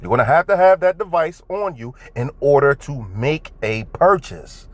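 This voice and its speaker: A man's voice: a little high, lively intonation, normal speed, dry recording. A man giving casual religious commentary, swearing freely and asking his viewers emphatic questions, recorded indoors. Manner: profane, emphatic, talks to viewers directly. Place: indoors at home.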